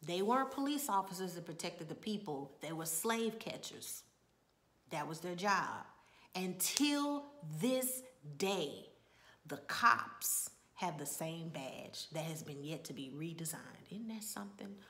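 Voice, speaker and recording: A woman's voice: fairly low pitch, animated, takes it slowly, a bit bright, a little hiss or hum. A woman casually recapping a television episode in a conversational storytelling way, with side remarks and occasional drops to a whisper. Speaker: TV episode reviewer.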